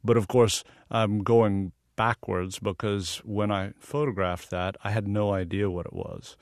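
A man's voice: on the low side, steady tone, unhurried, no echo, clean studio sound. A man from the American South, a guest photographer answering earnest, explanatory interview questions. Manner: earnest and explanatory, sometimes laughing. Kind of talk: radio interview.

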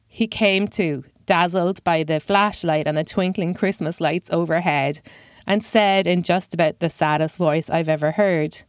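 A woman's voice: lowish voice, a little slow, dry recording. A woman comedian telling a first-person comic story in a dry, self-deprecating way.

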